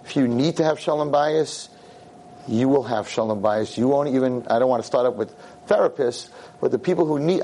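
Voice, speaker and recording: A man, a rabbi and teacher, giving a convention talk and telling a story in an animated way, acting out the people he quotes. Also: medium pitch, a little fast. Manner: animated, acts out quoted voices.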